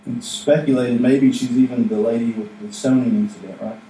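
A man's voice: mid-range voice, fairly even intonation, brisk, mellow, a little hiss or hum. Casual preaching man in an echoey hall. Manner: conversational, jokey, acts out asides. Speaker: pastor. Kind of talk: casual sermon. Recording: echoey room, mic from a distance.

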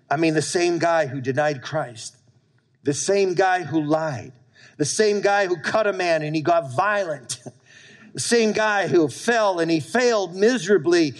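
Emphatic preaching man, slightly high voice. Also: measured pace. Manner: emphatic preaching, repeating lines and calling for amens. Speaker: pastor. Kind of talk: sermon.

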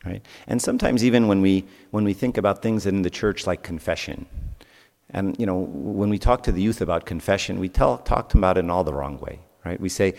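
A man's voice: on the low side, fairly quick, gravelly, darkish tone. Man preaching in an echoey hall. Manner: conversational storytelling, asks the audience questions. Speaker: youth speaker. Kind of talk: sermon.

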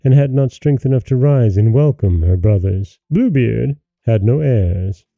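Guy reading an old fairy tale out loud, gravelly and dark, super dry sound. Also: medium pitch, lively intonation, a little slow, dry recording, phone-quality sound. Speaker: host and storyteller. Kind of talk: scripted fairy-tale narration.

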